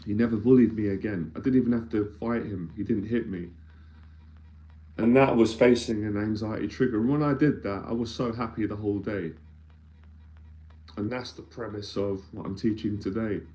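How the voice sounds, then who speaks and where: A man's voice: fairly low pitch, fairly even intonation, normal speed, warm tone. A man, an anxiety mentor speaking earnestly and emphatically in a live-streamed talk, often repeating phrases as he builds a point. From London, England.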